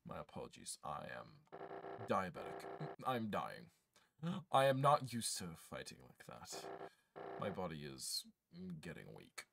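A man voicing a scornful old king with a put-on slight British accent, in a deep, slow, drawling menace. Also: big pitch swings, a bit bright, exaggerated voice. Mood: weary.

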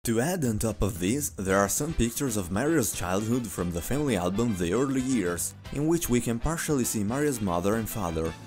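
A man's voice: on the low side, lively intonation, a little fast, few pauses, darkish tone, faint music behind. A man from Italy with an Italian accent, a native Italian speaker, hosting a gaming channel with scripted, wry narration. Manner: wry, enthusiastic sign-off.

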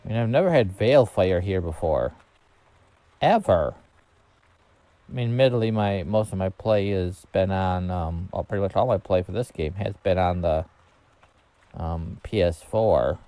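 A man streams a game and chats to his viewers in a low, mellow voice. He rambles and thinks aloud, filling pauses with ums. The sound is close and dry, with no room around it. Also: no room sound. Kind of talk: casual gameplay commentary.

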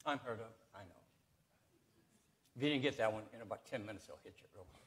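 A man pastor giving a folksy sermon, telling a joke and explaining ideas with pauses and emphasis. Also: fairly low pitch. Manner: folksy, lively storytelling with pauses. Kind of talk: sermon with jokes. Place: church sanctuary.

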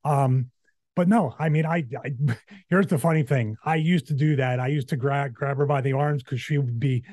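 A middle-aged man, a guest, telling backstage stories in a lively, casual chat. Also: mid-range voice, no echo, studio quality. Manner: animated, rapid anecdotes with laughs. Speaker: guest, former wrestler.

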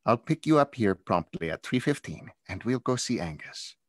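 A man reading a storybook aloud and voicing a cheerful, brisk stepmother who teases and shoos the boy along. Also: on the low side, big pitch swings, dry recording, studio quality, pitched above the performer's own voice. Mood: bustling teasing. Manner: cheerful, brisk, lightly scolding. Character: teasing brisk stepmother woman.

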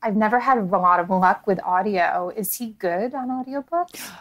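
Woman podcast guest, mid-pitched, chatty, giggly storyteller. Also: normal speed, fairly bright tone. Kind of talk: casual chat.

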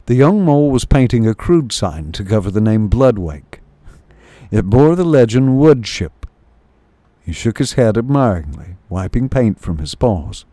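Slow, expressive male storyteller. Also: on the low side, no room sound. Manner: unhurried, expressive narration. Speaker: storyteller and stream host. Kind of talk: reading a novel aloud.

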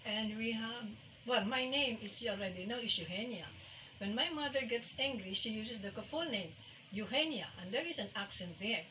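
A woman music teacher from the Philippines giving a recorded lesson, halting and full of fillers as she sounds out names by their syllables. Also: on the high side, lively intonation. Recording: distant mic with faint background hiss.

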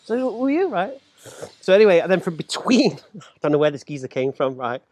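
Man in his forties, podcast guest, animated storyteller, laughs often, high-pitched. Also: fairly quick, no room sound. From England. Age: 40s. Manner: animated, laughing, acts out quoted voices. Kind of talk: casual storytelling chat.

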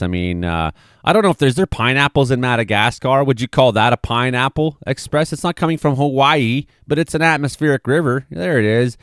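A man talks through the weather maps in a loose, rambling way, throwing in sarcastic jabs and swear words as he goes. His voice is smooth and resonant. The sound is close and dry, with no room echo. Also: mid-range voice, expressive, normal speed. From British Columbia, Canada. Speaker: amateur weather forecaster. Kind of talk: casual forecast commentary over weather maps.

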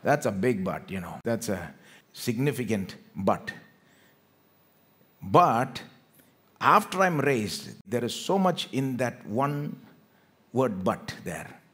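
A man from India preaching a sermon in church, acting out quoted speech with big swings between loud and quiet, and calling on the congregation to respond. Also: slow pace, pauses often. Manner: animated, acts out quoted speech with big swings in loudness and pitch.

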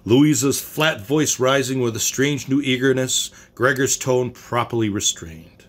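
A man's voice: mid-range voice, a little slow. A man reading a short story aloud in a plain way, now and then stumbling and restarting a phrase. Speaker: story reader.

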